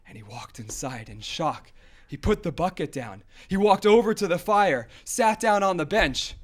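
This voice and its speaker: Male storyteller, high-pitched and animated; loud bursts and hushes, vocal sound effects, dry close sound. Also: moderate pace, no room sound. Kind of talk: folk tale storytelling.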